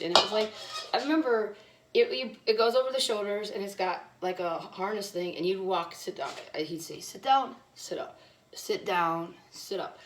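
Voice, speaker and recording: Her medium-pitched voice comes through with slight background noise as she cooks at home. The vlogger, down with bronchitis, keeps her casual chat blunt and rambling.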